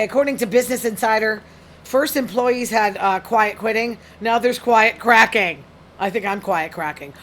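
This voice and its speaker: A woman's voice: mid-range voice, a bit bright, a little hiss or hum. A woman hosting a solo talk show, reading study findings aloud and reacting to them bluntly and frankly. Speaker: podcast host. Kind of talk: casual solo commentary reading news.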